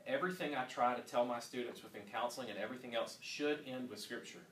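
A male youth pastor in his thirties preaches earnestly, dropping low and then pushing hard on his points. His voice sits in a middle register and is picked up from a distance in a roomy hall, with faint ambience behind. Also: quick pace, slight background noise. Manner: earnest preaching, swinging from quiet to loud emphasis. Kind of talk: teaching talk to youth workers.

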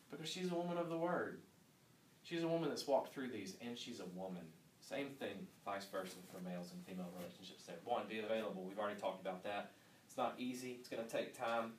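A man's voice: fairly low pitch, slight background noise. Earnest male youth pastor preaching, roomy sound. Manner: earnest preaching, swinging from quiet to loud emphasis. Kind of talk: teaching talk to youth workers. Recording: roomy sound from a distant mic with faint ambience.

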